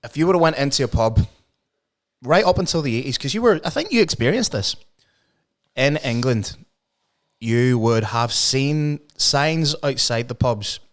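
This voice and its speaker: A man's voice: medium pitch, lively intonation, normal speed. A man co-hosting a podcast, giving his opinions emphatically in casual chat and swearing freely. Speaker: podcast co-host.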